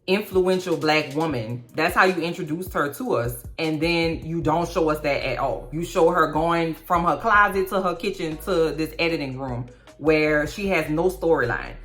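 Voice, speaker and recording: A woman with a fairly low voice talks through a TV recap. She is animated and slangy, with plenty of sassy asides to her viewers. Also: moderate pace, soft background music. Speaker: TV recap vlogger. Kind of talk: casual chat.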